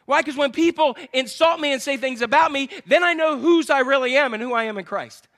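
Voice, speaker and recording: A man preaching a sermon, animated, swinging between loud exclamations and hushed asides. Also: very high-pitched, brisk. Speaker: pastor.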